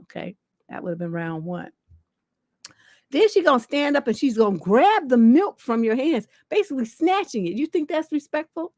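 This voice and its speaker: A middle-aged woman hosts a relationship-advice livestream. Her voice sits a little high, and it sounds close and dry. She reads the questions aloud, then answers bluntly, swearing and mocking. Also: normal speed, no echo. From Northern California. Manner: blunt, profane, animated and mocking. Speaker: relationship coach and show host.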